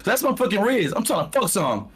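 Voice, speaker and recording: A man's voice: high voice, very animated, a little fast, slightly rough, faint music behind, full character voice. A man playing a brash, crude suitor in a dating-show bit, talking in vulgar, drawling slang. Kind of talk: comedic pickup-line bit.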